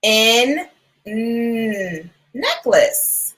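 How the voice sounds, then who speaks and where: A woman teacher giving a phonics lesson for young children, sounding out letters and words clearly and encouraging them. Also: fairly high pitch, very animated, very slow, fairly bright tone, rough recording. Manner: encouraging, asks questions and waits.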